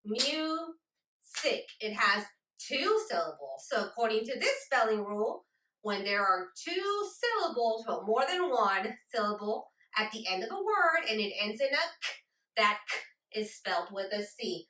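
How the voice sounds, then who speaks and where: A woman literacy teacher walks children through a phonics lesson and carefully sounds out each word. Her voice is bright and lively, moving up and down a lot. It has a roomy echo and sits away from the microphone. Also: fairly high pitch. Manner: slow, deliberate, sounds out words. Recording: roomy echo, distant from mic.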